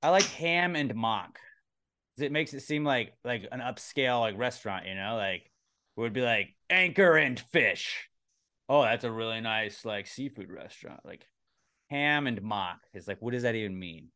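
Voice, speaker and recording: A man's voice: on the low side, moderate pace, sharp tone, dry recording, studio quality. A man hosting a comedy podcast, chatting casually and rambling with lots of filler words. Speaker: podcast host.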